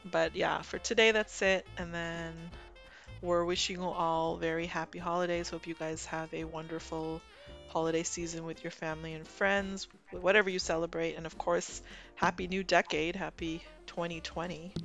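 A woman co-hosting a livestream in casual, upbeat chat, quick to laugh. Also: fairly low pitch, flat delivery, a bit bright, soft background music. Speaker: co-host.

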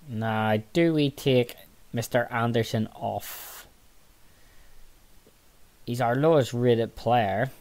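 Tired man commentating his own game. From Northern Ireland. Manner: excitable outbursts between low muttering. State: tired, yawning. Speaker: gaming channel host.

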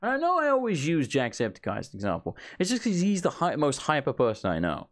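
A man's voice: fairly high pitch, huge pitch swings, fast talker. A man giving casual gameplay commentary, ranting and swearing freely. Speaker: let's play gamer.

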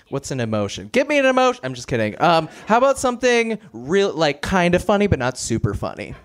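A man warming up a live audience and introducing the hosts in a playful, coaxing way. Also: sits high, a little hiss or hum. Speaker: warm-up announcer. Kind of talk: crowd warm-up and introduction.

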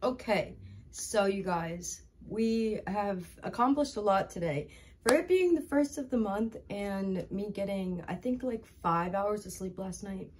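A woman's voice: mid-range voice, slight background noise. Chatty young woman vlogging at home. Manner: chatty, talks baby talk to her pets. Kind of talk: casual vlog chat.

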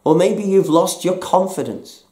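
A male pastor delivers a slow, hushed sermon, often sinking to a near whisper. His voice is mellow and dark. The room around him rings with echo. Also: high voice. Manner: slow, soft-spoken, dropping to near whispers.

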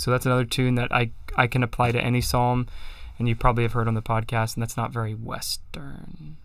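A man's voice: medium pitch, level tone, a little fast, creaky, hardly any pauses, fairly bright tone, clean tone, no echo, studio quality. A man hosting a livestream, chatting casually and self-deprecatingly about chant and singing psalm tones to show them. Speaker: livestream host. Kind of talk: casual chat with sung chant demos.

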